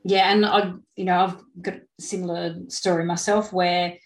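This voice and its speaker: A woman's voice: on the low side, flat delivery, moderate pace, roomy sound. A woman, hosting a podcast and chatting with enthusiasm, with plenty of fillers. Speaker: podcast host. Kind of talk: casual interview chat.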